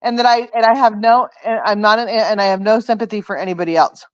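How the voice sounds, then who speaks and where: A woman's voice: mid-range voice, steady tone, fast talker, dry recording. A woman hosting her livestream in casual chat, telling rambling, meandering stories. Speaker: livestream host. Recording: dull, dry muffled stream audio.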